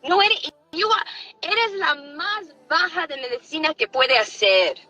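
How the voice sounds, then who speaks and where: A woman's voice: sits high, big pitch swings, moderate pace, pushed and bright, dry recording, low-quality recording. A middle-aged woman, a nurse, gives heated commentary in a mocking, indignant tone, switching between languages.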